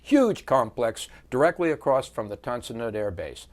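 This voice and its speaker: A man in his seventies, interviewed as a veteran, recounting wartime memories with measured storytelling and frequent pauses. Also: mid-range voice, big pitch swings, darkish tone.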